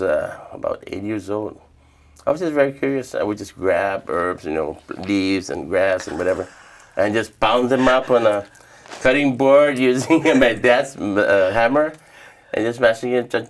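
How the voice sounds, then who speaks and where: A middle-aged man from the Northern Mariana Islands telling stories in an interview, relaxed, acting out the voices he quotes. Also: low voice, creaky. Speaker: humanities awardee, traditional healer. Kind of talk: interview storytelling.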